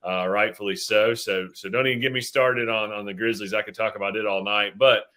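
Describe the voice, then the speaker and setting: Bright-voiced earnest man, halting speech. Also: lowish voice, fairly even intonation. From Tennessee. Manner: earnest, many fillers and restarts. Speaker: city mayor, guest. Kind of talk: casual interview answers.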